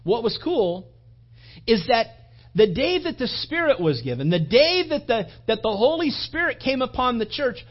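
A man preaching a sermon, telling a personal story in an animated way and acting out his own thoughts. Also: extremely high pitch, moderate pace, lo-fi sound. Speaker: pastor.

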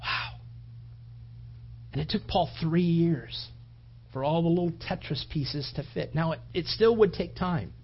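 A man preaching a sermon with passion, his voice rising toward shouts and then dropping low. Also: a little slow, long pauses, slightly rough, dull audio. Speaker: pastor.

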